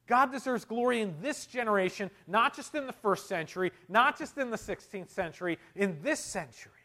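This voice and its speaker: A male pastor preaching a sermon, moving between loud emphatic climaxes and quiet, intimate stretches. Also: sits high, lively intonation, fairly quick. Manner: tells humorous anecdotes, shouting quoted amens.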